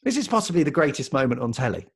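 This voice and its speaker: A British man co-hosting a podcast, chatting casually and telling an animated story with frequent laughter. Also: medium pitch, racing, breathy edge. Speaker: podcast co-host. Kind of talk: casual chat.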